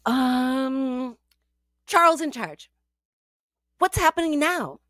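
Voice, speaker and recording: A woman co-hosting a comedic radio show in a studio, playful with deadpan jokes. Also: sits high, slow pace, no room sound.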